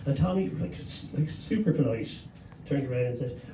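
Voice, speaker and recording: A man's voice: mid-range voice, expressive, normal speed, mellow. An Irish man, a gig promoter on a live panel, telling an anecdote and swearing freely, chuckling as he goes. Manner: swears freely, chuckles through his story. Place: pub venue with a live audience. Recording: echoey room, mic at a distance, background hum.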